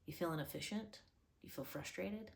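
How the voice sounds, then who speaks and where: A woman's voice: on the low side, normal speed, vocal fry. A woman hosting a motivational talk, earnest and coaching, firing off rhetorical questions at the listener. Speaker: motivational host.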